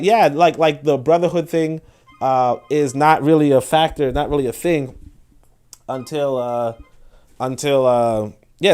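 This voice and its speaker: A man with a fairly high voice, talking casually on a livestream. He rambles, restarts his sentences and breaks off to check in with his viewers. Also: a little mellow. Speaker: host.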